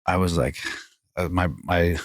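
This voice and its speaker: Low-voiced man telling a rambling story. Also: unhurried, dry recording, studio quality. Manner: rambling, animated, many restarts and fillers. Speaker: podcast guest, former fighting champion. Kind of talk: casual storytelling chat.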